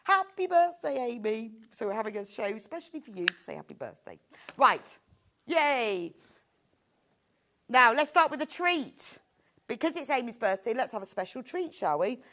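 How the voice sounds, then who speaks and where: A woman's voice: a little high, very animated, moderate pace, bright, forceful tone. A middle-aged woman presenting sewing kits on a live shopping show, chatty and gushing. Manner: chatty and enthusiastic, gushing over products.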